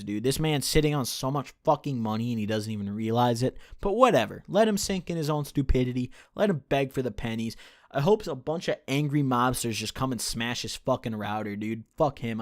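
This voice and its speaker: Late-teen male commentator, profane and contemptuous, average pitch, dead-dry mic. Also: no echo. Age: late teens. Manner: profane, scornful ranting. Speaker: YouTube commentator. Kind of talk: ranting commentary.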